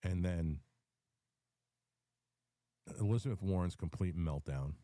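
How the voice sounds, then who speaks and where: A man with a low, dark voice delivers a rambling political commentary rant to a live audio audience. He repeats himself, restarts sentences and fills gaps with ums while dealing with the hiccups. The sound is dry and close, with no room echo. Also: takes it slowly. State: has the hiccups. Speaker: host of a live audio space.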